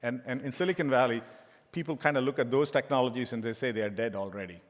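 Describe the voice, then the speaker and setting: A man's voice: medium pitch, fast. Middle-aged man, keynote talk, anecdotal and joking, long hall reverb. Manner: anecdotal and joking, with frequent restarts. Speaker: tech executive giving a keynote.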